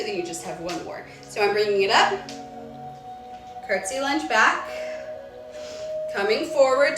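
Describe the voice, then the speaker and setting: A woman leading a live-streamed yoga workout from home, giving calm step-by-step cues and countdowns, a little out of breath. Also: on the high side. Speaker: yoga instructor. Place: home room. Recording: echoey room, far from mic, music behind.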